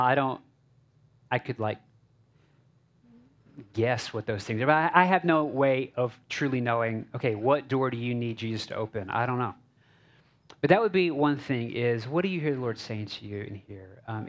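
A male pastor giving a conversational sermon in a small church, casual and halting with many fillers and restarts. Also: mid-range voice.

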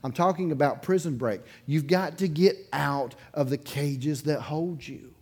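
His voice on the high side, husky and measured in pace, a man preaches a sermon as pastor of his church, in the sanctuary before his congregation. He relates a story in a relaxed, conversational way, chuckling between lines and shifting between loud bursts and quiet asides.

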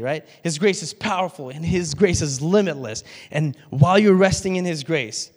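A man's voice: fairly high pitch, normal speed, hardly any pauses, big-room sound. A man preaching a sermon in a conversational way, laughing and asking the congregation questions. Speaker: pastor.

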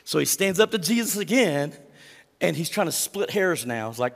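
A man's voice: a little high, sing-song, moderate pace, gravelly, long reverb tail. A male pastor preaching a sermon in a conversational way, often putting direct questions to the congregation.

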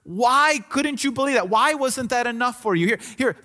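A preacher voicing a male teacher figure who gently scolds a doubter, reproachful and coaxing. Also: very high-pitched, expressive, moderate pace, big-room sound, pitched above the performer's own voice, exaggerated voice.

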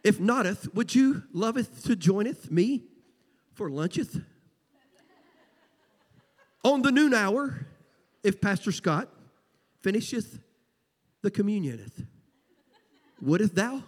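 A man's voice: high voice, big pitch swings, slow pace, pauses often, heavily acted. A man with a Southern US accent putting on a mock old-fashioned scripture-style churchgoer, drawing out pompous archaic phrasing. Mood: mock formal. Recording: long church hall reverb.

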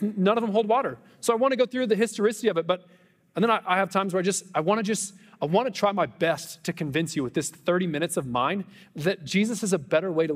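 A man preaching a conversational Easter sermon as pastor, animated, with self-deprecating humor and quick asides. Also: high-pitched, long reverb tail. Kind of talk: Easter sermon with personal stories. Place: church sanctuary.

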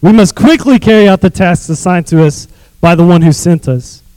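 A man preaching as a youth pastor, reading scripture with animated asides and calling on the congregation to repeat phrases. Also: high voice, normal speed, dry recording, poor audio.

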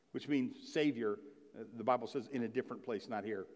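A pastor delivers a Christmas Eve sermon in a medium-pitched, fairly quick male voice, chatting casually and reading scripture with rising emphasis while posing questions to the congregation. The long reverb of a large hall surrounds him.

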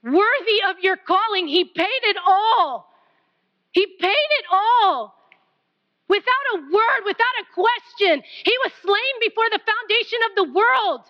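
A woman's voice: extremely high pitch, lively intonation, unhurried. Lady preaching, passionate, drops to whispers, kinda muffled recording. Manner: passionate, pleading, varies from loud to near whisper. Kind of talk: sermon.

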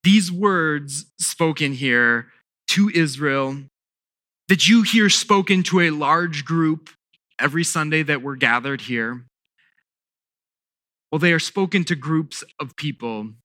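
A male pastor delivers a sermon at an unhurried, measured pace, leaning on repeated words and deliberate pauses. His voice is bright and slightly high for a man, and the recording is close and dry. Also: no echo.

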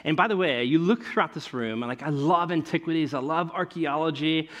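A man delivers a sermon in a conversational, storytelling way, his voice sitting a little high for a man. He swings his pitch up and down as he preaches and keeps checking in with his listeners. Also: a little fast, fairly bright tone, muffled recording. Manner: conversational, keeps asking the congregation "right?". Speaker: pastor.

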